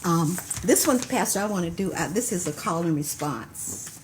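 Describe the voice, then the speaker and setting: A woman's voice: on the low side, expressive, moderate pace, slight background noise. Older lady from florida, chatty storyteller, laughs a lot, reads her poems with a beat. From Tampa, Florida, US. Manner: chatty, laughs easily, rhythmic when reciting. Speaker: guest poet. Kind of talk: conversational storytelling and poetry reading.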